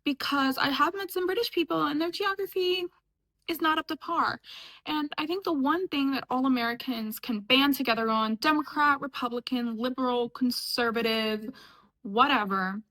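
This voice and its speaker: A woman's voice: high voice, moderate pace, sharp tone, rough recording. A young woman from upstate New York, chatting casually and sarcastically as she reacts to clips, often laughing. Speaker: reaction vlogger. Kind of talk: casual chat.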